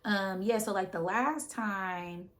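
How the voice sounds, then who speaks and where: A woman's voice: medium pitch, slow pace, fairly bright tone. A woman talking casually to her viewers about spiritual matters, emotional and close to tears, repeating phrases and often asking "right?". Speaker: spiritual content creator.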